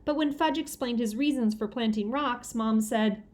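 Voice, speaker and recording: A woman narrates a children's novel aloud. Her reading is lively and expressive. Her voice sits a bit high. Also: moderate pace. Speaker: audiobook reader.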